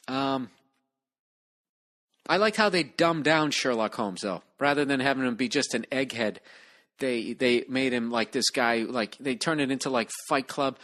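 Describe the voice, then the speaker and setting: A man's voice: mid-range voice, measured pace, fairly bright tone. A middle-aged man hosting a solo podcast, rambling in a sarcastic, profane rant full of asides. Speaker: podcast host.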